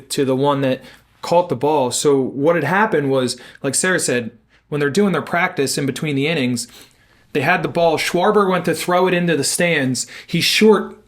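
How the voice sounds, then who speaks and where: A young man co-hosting a podcast, telling a story in casual chat, animated and swearing as he acts out what people said. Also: a little high, moderate pace. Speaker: podcast co-host.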